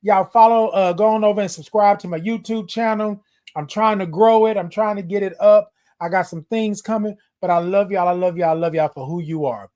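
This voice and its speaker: A man with a high-pitched voice hosts a live morning stream over social media. His delivery is affectionate and repetitive, with a preacherly rhythm as he speaks straight to his viewers. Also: fairly quick, a little mellow. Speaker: host of a live morning show. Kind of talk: casual livestream talk.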